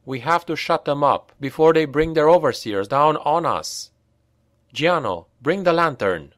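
A man's voice: on the high side, lively intonation, measured pace, a bit bright, no echo, studio quality, pitched above the performer's own voice. A man doing a weary, firm mercenary leader. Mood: urgent. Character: weary male mercenary leader, guilty but resolute.

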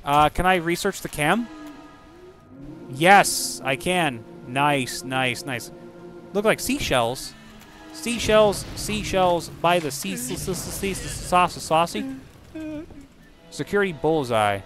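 A man giving casual let's-play commentary over a video game, excitable and profane, breaking into silly rhymes and sound effects. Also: a little high, slow, long pauses, soft background music. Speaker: gaming channel host.

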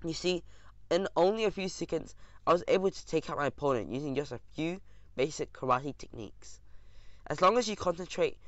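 Man narrating an audiobook, slightly high. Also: a little fast, fairly bright tone, no echo. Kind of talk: first-person audiobook narration.

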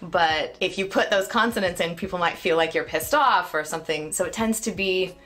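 A woman's voice: lowish voice, fairly quick, a bit bright. A woman dialect coach analysing accents in film clips, demonstrating the vowels and consonants as she explains them. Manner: demonstrative, imitates sounds.

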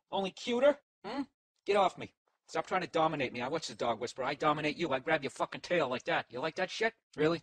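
A man's voice: mid-range voice, fairly bright tone, slightly rough, no room sound. A middle-aged man with a Boston accent, rambling through a profane, sarcastic comic monologue as a podcast host. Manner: profane, sarcastic, talks to his dog.

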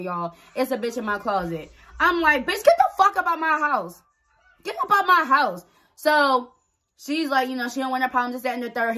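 A woman vlogger telling a personal story in a casual, blunt way, swearing freely and acting out what people said. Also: medium pitch. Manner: animated, blunt, swears freely, acts out dialogue.

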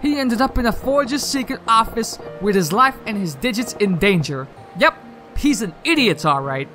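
A man voicing a blunt, cocky gangster in a video game, dropping his voice low with a drawl. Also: expressive, moderate pace, bright, forceful tone, soft background music. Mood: lecturing.

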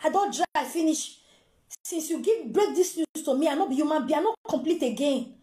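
A woman's voice: high voice, brisk, warm tone, reverberant, natural voice. A woman voicing a desperate, tearful mother begging. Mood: pleading. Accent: Nigerian Pidgin. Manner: pleading, tearful. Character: desperate woman begging a former friend for her children.

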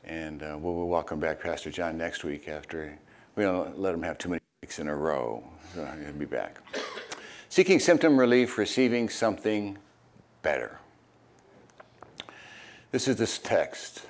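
An older man preaching a church sermon, his low voice rising and falling widely as he reads scripture. He slips into hesitant asides full of "uh", then jumps into animated, loud bursts. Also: normal speed, long pauses, a little hiss or hum. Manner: animated, jumps high and loud when acting out crowd voices; hesitant asides with many "uh" fillers. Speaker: retired pastor, guest preacher. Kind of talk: sermon with Bible reading.

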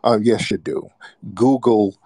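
Deep-voiced American male talk host, taunting and insistent, dry close mic. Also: measured pace, dark tone, no echo. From United States. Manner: mocking, insistent, repeats himself. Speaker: radio show host. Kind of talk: heated call-in argument.

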